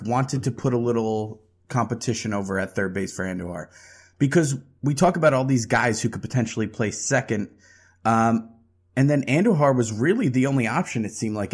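A man co-hosting a sports podcast, arguing his point casually with rhetorical questions. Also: mid-range voice.

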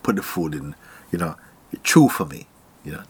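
A man from Jamaica giving a casual spiritual talk, animated and often laughing, sometimes sinking to a near whisper. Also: very deep voice, normal speed, slightly rough.

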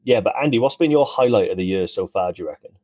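A man's voice: lowish voice, animated, fast talker, darkish tone, no room sound, lo-fi sound. A man co-hosting a casual live-stream chat, rambling and laughing often.

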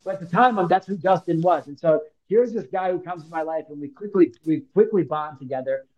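A man's voice: fairly high pitch, fairly quick, a little mellow, lo-fi sound. A man in his thirties from Illinois, telling a personal story as a podcast guest in a casual, slangy, emphatic way, acting out the lines he quotes. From Illinois, United States.

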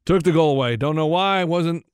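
A man, co-hosting a radio talk show and telling a story with lively delivery. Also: a little high, normal speed, smooth, dry recording, studio quality. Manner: animated storyteller acting out a whining child. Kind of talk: casual storytelling chat.

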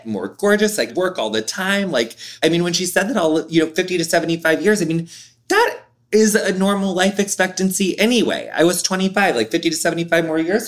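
Candid and lively, a man in his thirties being interviewed keeps dropping "like" as he talks. His pitch runs on the high side.

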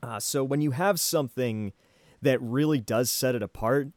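A man on a podcast who talks at an even, middling pitch. He rambles through his thoughts with a lot of ums, uhs and restarts. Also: normal speed, no echo. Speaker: podcast host. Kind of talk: casual anime discussion.

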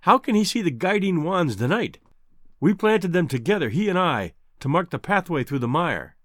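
A man's voice: on the high side, sing-song, normal speed, dry recording, clean studio sound. A man reading aloud and voicing a distraught, fierce young married woman with an emotional, pleading manner. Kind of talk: audiobook character voice.

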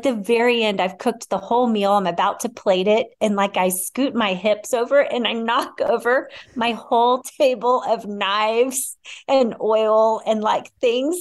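A woman guest on a podcast, telling a funny story with frequent laughs. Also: a little high. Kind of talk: casual chat.

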